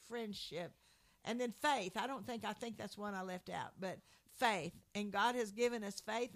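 A woman giving an earnest, heartfelt personal testimony and reading scripture aloud to viewers of a Christian program. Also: on the high side.

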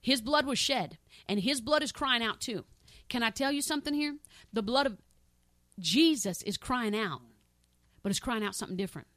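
A woman preaching a sermon with fervent, repetitive emphasis, swinging between loud exclamations and soft pleading prayer. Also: on the high side, expressive, moderate pace, dry recording, clean studio sound. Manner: fervent, repetitive, addresses listeners as saints.

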